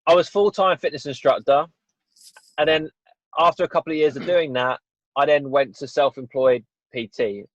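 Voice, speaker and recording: A man in his twenties, a fitness business owner, guests on a casual podcast and tells his story candidly, rambling and restarting many times. His voice is a little high and moderately paced, and the recording is dull, dry lo-fi.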